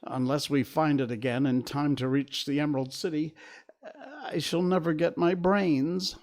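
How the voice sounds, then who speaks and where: A man's voice: on the high side, steady tone, moderate pace, a little mellow, pitched above the performer's own voice, close to an everyday voice. A man voicing a grumbling, fretful scarecrow in a storybook reading. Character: grumbling straw scarecrow, male. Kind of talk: storybook read-aloud.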